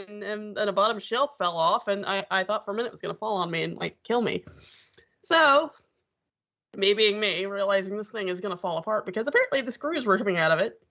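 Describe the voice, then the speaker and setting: A woman's voice: mid-range voice, bright, forceful tone, lo-fi sound. A woman co-hosting a podcast, chatting casually in a dry, offhand way with wry asides. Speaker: podcast co-host. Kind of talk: casual chat.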